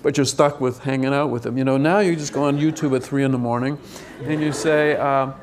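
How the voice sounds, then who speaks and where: A man's voice: medium pitch, fairly even intonation, a little fast, background noise. An older man, a film director, answering questions at a press event in a rambling, hesitant way, full of restarts.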